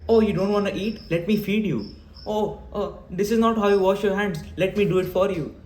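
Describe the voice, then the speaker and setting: A man voicing an overprotective parent who fusses over a child in a high, sing-song, cooing voice. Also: a little fast, a little mellow, roomy sound, slight background noise, close to an everyday voice. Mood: fussing.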